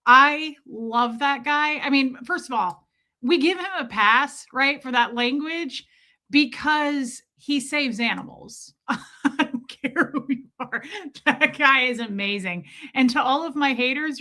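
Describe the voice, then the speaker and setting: A woman's voice: high-pitched, bright, forceful tone. A woman from Omaha chatting on a live stream, reacting to clips and greeting viewers by name. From Omaha, United States.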